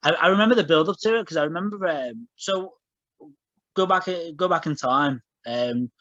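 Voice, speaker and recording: A man's voice: on the high side, moderate pace, a bit bright, no echo. Rambling man on a lo-fi podcast. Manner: rambling, many fillers and restarts. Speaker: podcast co-host. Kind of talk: casual chat. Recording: dull lo-fi podcast audio.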